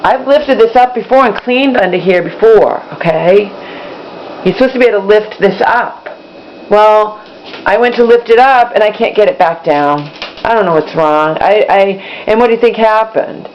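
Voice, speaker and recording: A woman vlogs from her home kitchen in a rambling, exasperated way, circling back to the same points. Her voice sits at a middle pitch. The recording sounds a little muffled, with a faint hum underneath. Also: moderate pace. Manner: rambling, repeats herself, exasperated. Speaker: vlogger. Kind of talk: casual vlog monologue. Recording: slightly dull, faint background hum.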